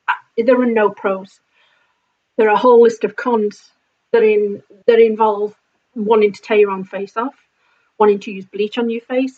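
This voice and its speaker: A woman vlogger telling a story in an animated, indignant way, swearing freely. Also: medium pitch. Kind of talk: casual storytime vlog. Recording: slightly dull lo-fi sound.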